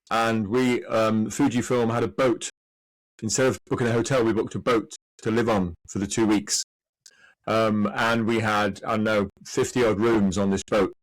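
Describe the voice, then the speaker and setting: An older man speaking as a podcast guest, his voice at an ordinary middle pitch and recorded dry and close. He chats easily, agrees readily and slips into stories of his own. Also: no room sound, rough recording. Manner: chatty, quick to agree and trade anecdotes. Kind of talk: casual chat.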